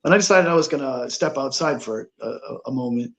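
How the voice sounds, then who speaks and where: A man telling a ghost story as a guest on a paranormal talk show, halting, with many fillers and restarts. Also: medium pitch, lively intonation, fairly bright tone.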